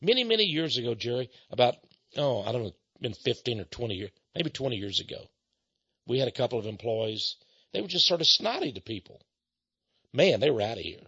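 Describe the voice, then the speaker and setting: A man hosts a radio talk show like an impassioned preacher, swinging from loud outbursts to low asides. He sounds very animated, fairly quick, and slightly rough, captured on a dry, lo-fi recording.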